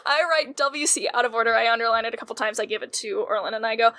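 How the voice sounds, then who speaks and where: A woman playing in a tabletop role-playing game, talking quickly with laughs and restarts. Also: a little high, pushed and bright. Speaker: player. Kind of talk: tabletop role-play, playing a server character.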